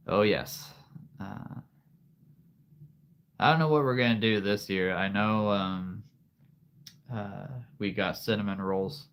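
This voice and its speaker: Slow, low-voiced man chatting on a livestream. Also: fairly bright tone. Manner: rambling, laughs often, many fillers. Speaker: livestream host. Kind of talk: casual livestream chat with viewers.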